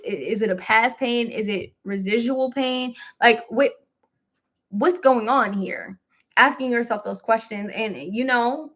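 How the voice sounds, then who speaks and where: A woman hosting a spiritual live stream, talking casually and encouragingly with some laughs and relaxed colloquial phrasing. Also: fairly high pitch. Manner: warm, chatty, with laughs, mild self-deprecation and AAVE phrasing.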